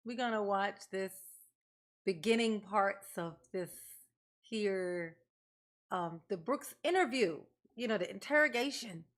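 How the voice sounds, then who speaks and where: A woman's voice: mid-range voice, measured pace. A woman hosting a livestream, greeting viewers by name in casual, playful chat and laughing often. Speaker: livestream host.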